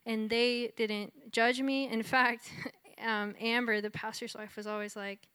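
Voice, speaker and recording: A woman's voice: fairly high pitch, little pitch movement, a little slow, a bit bright, smooth, dry recording. A woman from Texas giving a conversational testimony in a sermon, telling her story with lots of "like" and "you know". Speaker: speaker sharing her testimony.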